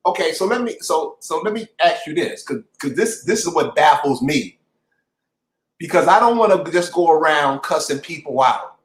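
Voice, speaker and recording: A man's voice: fairly high pitch, expressive, moderate pace. A man hosting a casual conversation, speaking in an emphatic, repetitive, preacher-like way. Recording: echoey room.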